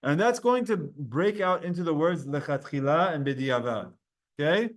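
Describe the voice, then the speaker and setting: A man teaches a Talmud class over video call in a rather high voice. He's upbeat, energetic and quick, and he asks the class questions.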